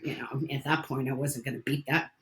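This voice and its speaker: A woman's voice: extremely low pitch, fairly even intonation, fairly quick. A woman talking as a podcast guest in a casual interview, telling stories bluntly and candidly and swearing casually.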